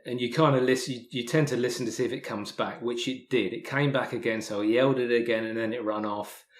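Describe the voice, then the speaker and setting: English male guest, mid-pitched, halting storyteller who restarts and repeats words, recorded with roomy echo. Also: fairly even intonation. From England. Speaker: podcast guest, hiker and author. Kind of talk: casual spoken storytelling.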